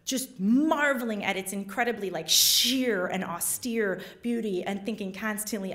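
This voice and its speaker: A woman reporter telling a self-deprecating story on stage before a live audience, animated and acting out the quotes. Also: medium pitch, brisk, hardly any pauses.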